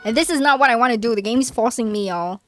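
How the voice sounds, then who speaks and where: A woman's voice: on the high side, quick pace, a bit bright, soft background music. A woman streaming a co-op game, dramatic and joking as she talks to her chat. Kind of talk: casual gaming chat.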